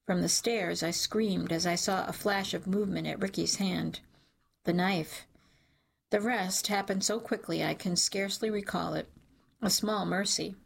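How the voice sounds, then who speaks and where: A woman reading a dark first-person story aloud in a measured, dramatic way. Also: lowish voice, vocal fry, husky. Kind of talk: scripted audiobook narration.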